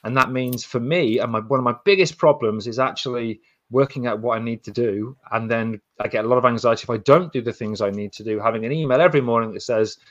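A man's voice: medium pitch, fast talker, no room sound. Male co-host, casual and practical, recorded muffled and close. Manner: earnest, practical, restarts often. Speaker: podcast co-host. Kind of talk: casual advice podcast chat. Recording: dull, dry lo-fi sound.

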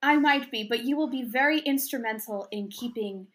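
A woman playing a tabletop game in character, reassuring and brisk. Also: fairly high pitch, fairly bright tone. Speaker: player.

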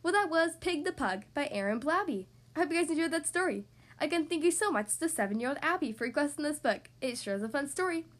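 A woman hosting a podcast and reading a picture book aloud to young kids, in a cheerful, expressive, sing-song manner. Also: high voice, fast. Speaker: podcast host and storybook reader.

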